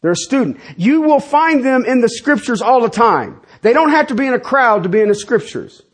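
A pastor in his fifties preaching a sermon in a lively, conversational way, with casual asides to the congregation. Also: extremely high pitch, brisk.

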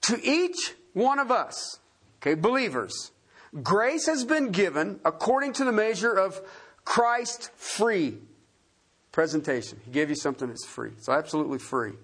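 A man's voice: sits high, normal speed, husky. A man preaching an expository sermon, casual and conversational, often checking in with his listeners and spelling out words. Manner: animated and conversational, frequent "Okay?" check-ins.

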